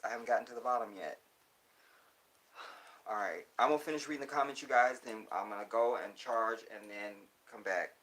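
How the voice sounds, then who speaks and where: Texan man, phone livestream host, bright and forceful tone, animated and outspoken. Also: fairly low pitch. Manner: animated, swings into heated profane rants. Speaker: livestream host reading viewer comments. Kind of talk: casual livestream chat.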